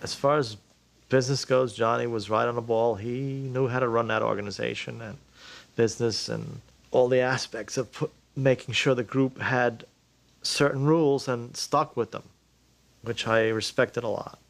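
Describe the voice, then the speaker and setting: A man's voice: medium pitch, fairly even intonation, moderate pace, creaky. A man in a documentary interview, speaking candidly with some hesitation.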